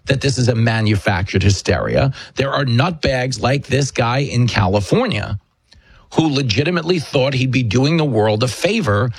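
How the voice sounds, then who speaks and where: Husky-voiced New man, political commentary. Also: mid-range voice, lively intonation, normal speed, no echo. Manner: emphatic, storytelling, sarcastic. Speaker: host.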